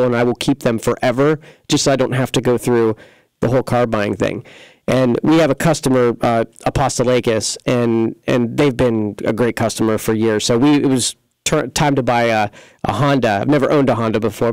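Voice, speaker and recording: A man talks in a relaxed, rambling way, pitching his repair shop and drifting into everyday stories. His voice is smooth and clear at a middle pitch. The studio sound is dry and close. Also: dry recording, rough recording. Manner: rambling, filler-heavy, folksy sales talk. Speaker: computer repair shop host. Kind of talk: casual local radio-style talk show.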